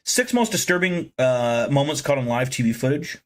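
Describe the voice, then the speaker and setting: A man's voice: mid-range voice, very animated, normal speed. Casting: young American man, brash profane streamer, rambling brag. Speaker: livestream host. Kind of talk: casual livestream chat.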